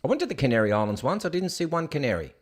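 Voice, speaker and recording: Hosting a casual news show, a man rants sarcastically and scoffingly about each headline. His slightly high, husky voice is very animated and very fast, swinging up and down a lot as he reacts.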